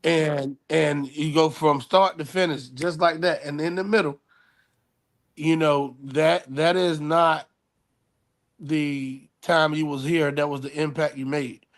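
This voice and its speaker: Rambling, animated man co-host. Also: a little high, slow pace. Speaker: co-host introducing guest. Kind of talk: casual chat.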